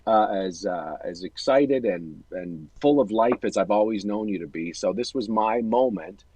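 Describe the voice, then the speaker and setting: Husky man telling a story. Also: fairly low pitch, animated, normal speed, no echo, low-quality recording. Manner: warm, rambling storytelling with self-corrections. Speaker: host. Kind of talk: casual chat.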